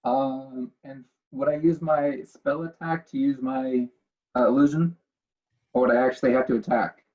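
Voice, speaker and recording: A man's voice: medium pitch, level tone, moderate pace, lo-fi sound. A man playing in a tabletop game, asking rules questions with hesitant fillers. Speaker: player.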